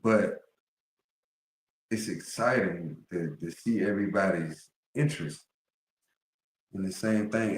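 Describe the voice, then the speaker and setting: A man's voice: fairly low pitch, a little slow, long pauses, reverberant. A man streaming live, talking casually to his viewers, rambling and profane with heavy slang.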